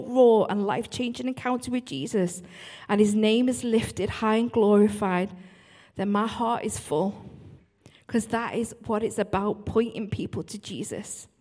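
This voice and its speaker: This worship leader has a mid-range, darkish voice and speaks earnestly at church. She keeps cutting herself off, starting over, and slipping in apologetic remarks.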